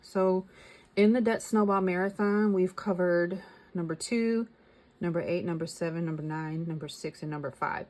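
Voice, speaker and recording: A woman's voice: fairly low pitch, moderate pace, a little mellow. A middle-aged woman chatting casually as a vlogger, thinking aloud and reading out figures. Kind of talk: casual chat.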